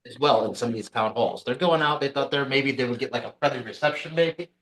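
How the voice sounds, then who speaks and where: A man co-hosting a political podcast, ranting angrily with a lot of swearing. His voice sits at an ordinary middle pitch. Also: fast, fairly bright tone. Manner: angry, profane ranting. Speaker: podcast co-host. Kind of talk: casual political talk.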